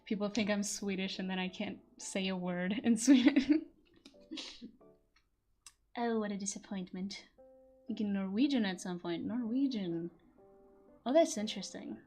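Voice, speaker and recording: A young woman whose first language is Portuguese chats casually on a stream, wandering from thought to thought and swearing now and then. Her voice sits at a middle pitch and breaks into easy laughter. Faint music plays behind her. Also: normal speed, darkish tone. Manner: chatty, rambling, laughs often and curses. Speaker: voice actor streaming a chat.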